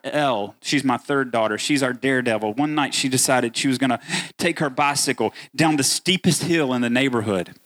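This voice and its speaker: A middle-aged male pastor, preaching a sermon and speaking straight to his congregation. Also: on the high side. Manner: animated preaching, addresses congregation directly.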